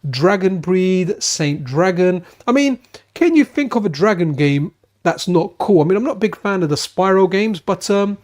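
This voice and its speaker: Here a man who hosts a channel chats enthusiastically while live-streaming retro games at a friend's house. His voice sits high and sounds animated at a moderate pace, with frequent restarts as he talks.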